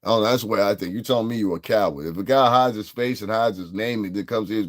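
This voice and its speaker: A man rants on a livestream, brash and combative, swearing freely. His voice sits fairly low. He jabs at viewers in the chat. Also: fast talker, few pauses. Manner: brash, profane and combative, with laughs. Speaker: livestream host. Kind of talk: heated livestream rant.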